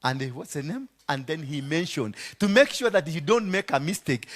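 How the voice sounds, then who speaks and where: Dramatic Kenyan preacher, bright lively voice. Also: male voice, a little high, moderate pace, few pauses. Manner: dramatic, swings from hushed to shouting; mixes in Swahili phrases. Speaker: apostle preaching. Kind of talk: sermon.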